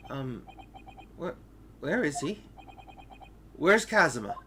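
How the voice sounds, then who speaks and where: A man's voice: medium pitch, sing-song, takes it slowly, noisy background. A man voicing a bewildered young hero. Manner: confused, hesitant, breathless. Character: bewildered young male protagonist.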